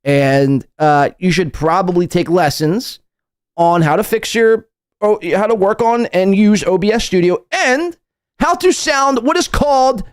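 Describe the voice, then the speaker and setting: A man's voice: high voice, a little slow, a little mellow, clear, resonant tone, no echo, clean studio sound. A man hosting a podcast, mocking a guest's clip with crude, sarcastic commentary. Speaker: podcast host.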